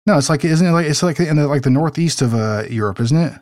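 A man's voice: fairly high pitch, fast talker, a little mellow, no room sound, studio quality. A man co-hosting a casual podcast chat, rambling with many restarts and casual swearing. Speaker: podcast co-host.

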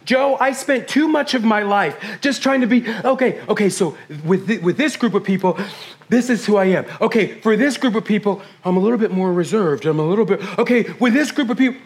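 A middle-aged man preaching a sermon as pastor, fast and intense, swinging from hushed whispers to loud bursts. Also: sits high, lively intonation.

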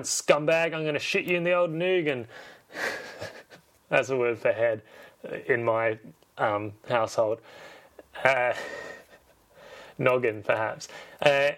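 A man excitedly retelling a film in a casual, swear-filled way, acting out the characters' lines as he goes. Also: mid-range voice. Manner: animated, swears a lot, acts out lines. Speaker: podcast host retelling a film.

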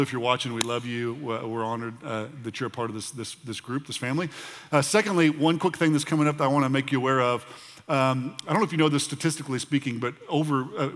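A man's voice: mid-range voice, a bit bright. A middle-aged man, a pastor, giving church announcements in a conversational manner, often restarting and filling his sentences. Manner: conversational, with frequent fillers and restarts. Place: large church auditorium. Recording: long hall reverb of a church auditorium.

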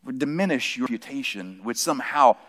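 A preacher doing a flustered tax collector. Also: male voice, medium pitch, lively intonation, brisk, fairly bright tone. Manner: hesitant, flustered objections. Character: anxious adult male tax collector. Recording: long reverb from a large hall.

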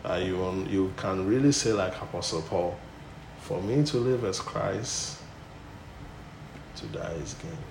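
A man preaching with a low, gravelly voice, driving his points home in loud, emphatic bursts before sinking back to a quieter tone. He speaks in an echoey room with a faint hiss under the recording. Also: unhurried, pauses often. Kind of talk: sermon.

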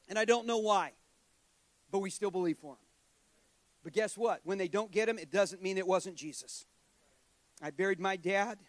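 A man's voice: high voice, no echo. A middle-aged man preaching a sermon to a congregation, conversational and joking, with self-deprecating asides. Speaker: guest preacher.

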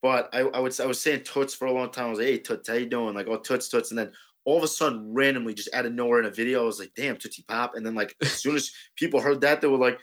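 A man's voice: mid-range voice, racing. A young man, a guest on a podcast, talking in a laid-back, rambling way with lots of swearing. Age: young adult. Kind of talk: casual podcast chat.

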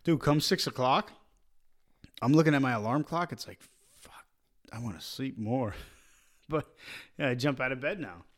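A man of medium pitch co-hosts a podcast about fatherhood, talking at a moderate pace with long pauses. He keeps the casual chat laid-back, tossing out short quips and laughing easily.

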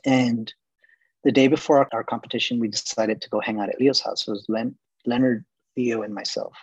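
A man's voice: mid-range voice, steady tone, fairly quick, husky, no echo, muffled recording. A man in his forties from Texas, a guest casually telling long rambling stories with lots of fillers. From Laredo, Texas. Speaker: interview guest. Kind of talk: casual storytelling interview.

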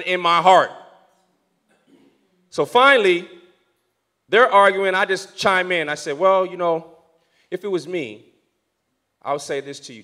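A young man preaching, telling a story from the pulpit and moving between hushed, prayerful passages and loud, excited ones. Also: high voice, unhurried, pauses often. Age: young adult. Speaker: pastor. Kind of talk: sermon storytelling.

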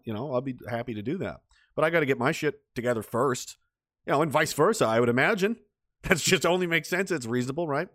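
In this casual rant, a man from Canada rambles heatedly, cursing frequently and starting his sentences over. His voice is a little high and a bit bright. The recording is studio quality with no echo.

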